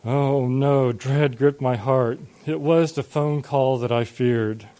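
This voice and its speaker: Slow, dramatic male preacher narrating. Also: mid-range voice, steady tone, dark tone. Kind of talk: sermon storytelling.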